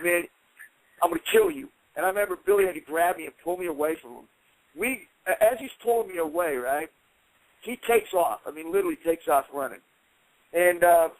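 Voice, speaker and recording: Animated man telling a fight story. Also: fairly high pitch, dry recording, poor audio. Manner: swears, acts out quoted voices. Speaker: guest fighter. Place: radio studio.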